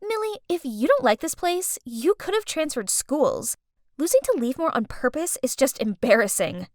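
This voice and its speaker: A woman voicing an annoying teenage girl who mocks in a slow, smug way. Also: high voice, big pitch swings, darkish tone, no room sound, clean studio sound. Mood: mocking.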